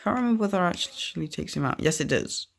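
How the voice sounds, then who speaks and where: A man's voice: high voice, lively intonation, fast, gravelly. Rambling young man narrating gameplay. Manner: rambling, goes off on tangents. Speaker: gaming video creator. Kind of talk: casual gameplay commentary.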